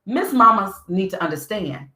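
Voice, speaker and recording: A woman hosting a podcast in casual commentary, blunt and animated, repeating her points for emphasis. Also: medium pitch, moderate pace, echoey room, poor audio. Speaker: podcast host.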